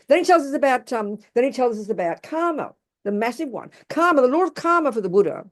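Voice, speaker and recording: Emphatic, lively woman teaching. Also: medium pitch. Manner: emphatic, blunt and colloquial. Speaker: Buddhist teacher. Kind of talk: Dharma talk to an audience.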